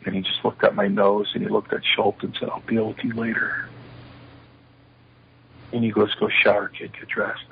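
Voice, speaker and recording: Older male guest telling stories, low husky voice, slightly dull interview audio. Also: moderate pace, long pauses, a little hiss or hum. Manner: animated storyteller acting out quoted dialogue. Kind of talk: shoot interview storytelling.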